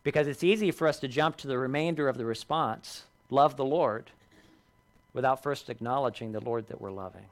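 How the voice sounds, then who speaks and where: A man preaching a sermon, earnest, lifting his voice for emphasis and dropping low on key lines. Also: brisk. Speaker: pastor.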